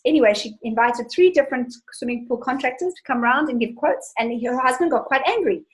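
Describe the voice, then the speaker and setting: A woman's voice: high-pitched, fast talker, few pauses, poor audio. A woman money coach hosting a live webinar, answering viewer questions with enthusiastic, chatty storytelling.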